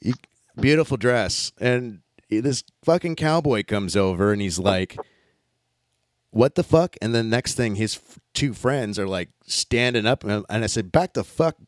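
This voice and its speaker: A man telling a story in casual chat, animated and swearing often, acting out what others said. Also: fairly low pitch, moderate pace, dry recording, studio quality.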